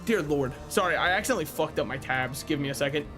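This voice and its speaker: A man's voice: on the high side, expressive, quick pace, pushed and bright, faint music behind. A man giving casual, sarcastic gameplay commentary as a streamer, mocking himself and swearing freely. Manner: sarcastic, self-mocking banter.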